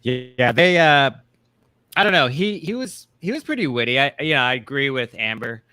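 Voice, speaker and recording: A man's voice: medium pitch, sing-song, moderate pace, bright, forceful tone, dry recording. A man co-hosting a casual TV recap chat, rambling with many fillers and restarts. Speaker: co-host.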